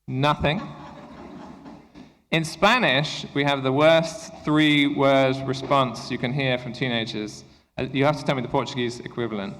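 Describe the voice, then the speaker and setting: A man giving a conference workshop to English teachers, talking to the room in an engaging way and often checking in with a quick "okay?". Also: a little high, lively intonation, fairly bright tone, a little hiss or hum. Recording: echoey hall reverb.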